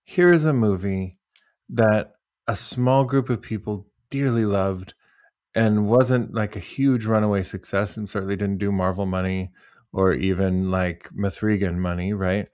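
A man with a fairly low voice hosts a podcast, chatting casually and telling animated, joking stories. The recording is dry and close with no room sound. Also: unhurried, no room sound. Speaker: podcast host. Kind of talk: casual chat.

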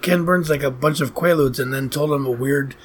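A man's voice: medium pitch, a little fast, slight background noise. A man co-hosting a podcast in casual chat, rambling incredulously about a movie. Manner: rambling, incredulous, laughing asides. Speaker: podcast co-host reviewing a movie.

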